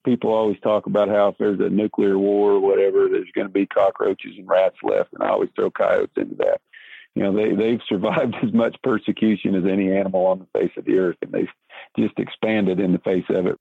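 A male wildlife specialist chats casually over a tinny phone line. His voice is very deep, gravelly and husky, and the sound is dry and thin. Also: brisk, no echo. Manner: casual, chatty.

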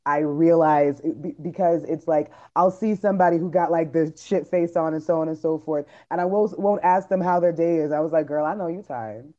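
Podcast host, woman in her 30s, candid and profane, warm dark tone, slightly dull sound. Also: sits low, steady tone, fairly quick, few pauses. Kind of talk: casual chat.

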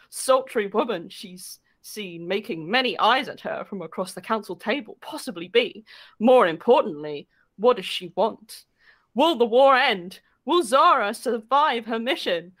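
A woman's voice: on the high side, fairly bright tone. A woman co-hosting a livestream, chatting casually and reading out a silly mock book blurb while laughing mid-sentence. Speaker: livestream co-host.

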